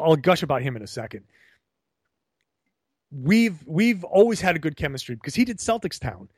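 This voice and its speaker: A man's voice: fairly high pitch, dry recording, studio quality. A man co-hosting a podcast, talking animatedly in long rambling turns with many restarts, joining remotely. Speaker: podcast co-host. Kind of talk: casual podcast conversation. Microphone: remote call.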